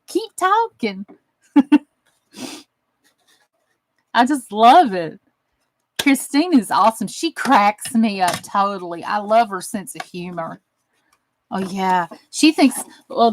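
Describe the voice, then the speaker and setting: Chatty and warm-hearted, a woman with a Southern US accent and a mid-range voice talks to her craft channel viewers while she works, drawling folksy phrases. The recording is rough, with no room sound.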